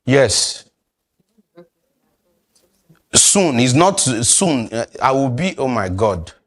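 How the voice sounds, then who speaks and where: A man's voice: medium pitch, very animated, extremely slow. A man, teaching a sales class and quizzing his audience. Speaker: sales trainer. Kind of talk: classroom lecture.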